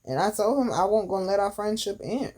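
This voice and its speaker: A woman's voice: mid-range voice, expressive, brisk, darkish tone. A woman hosting a podcast, telling a personal story casually with candid, profane slang and emphatic asides. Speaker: podcast host.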